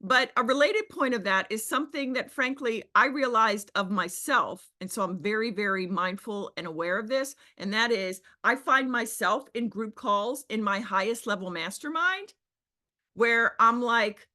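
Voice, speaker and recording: A woman business coach leading a group video call, talking emphatically and acting out other people in a high squeal. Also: animated, moderate pace, pushed and bright. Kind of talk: animated coaching talk.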